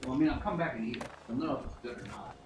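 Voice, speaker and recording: A man guesting on a live stream, chatting casually in a relaxed, halting way. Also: mid-range voice, background noise.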